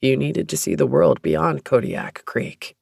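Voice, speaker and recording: A narrator voicing a gentle young man who brews beer, speaking in a smooth, deep voice with a considerate manner and a gravelly, lively delivery. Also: unhurried, no room sound, studio quality, heavily acted. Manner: warm, considerate, reassuring. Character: gentle young man, proud home brewer. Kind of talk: audiobook narration.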